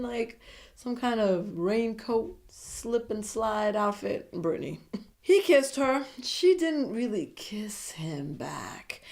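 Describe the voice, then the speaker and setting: A woman giving a casual, opinionated recap of a TV episode, chatty and quick to slip into playful voices. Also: mid-range voice, a little mellow. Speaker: TV show recap vlogger. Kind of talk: casual commentary monologue.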